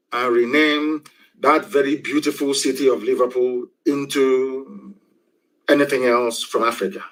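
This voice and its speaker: A man's voice: medium pitch, fairly bright tone, low-quality recording. A man giving an impassioned political broadcast, preachy and full of repeated rhetorical questions. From Nigeria.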